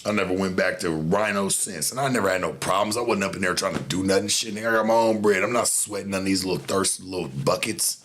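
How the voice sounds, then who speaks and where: A man's voice: deep voice, quick pace, hardly any pauses, a bit bright, a little hiss or hum. A man hosting a show, telling a story in a casual, profane monologue full of street slang. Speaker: show host.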